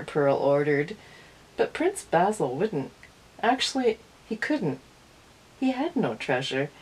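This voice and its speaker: A woman reading a picture book aloud to young children, in an expressive storytelling way. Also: fairly low pitch, slow, pauses often, slightly rough, rough recording. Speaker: early-years storyteller.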